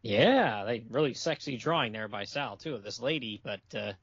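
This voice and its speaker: A man's voice: medium pitch, animated, moderate pace, a bit bright, slightly rough, dry recording. Laughing man on dry lo-fi audio. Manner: knowledgeable, laughs often, short agreeing replies. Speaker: podcast co-host. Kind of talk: casual chat about comics. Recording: dry, dull lo-fi podcast audio.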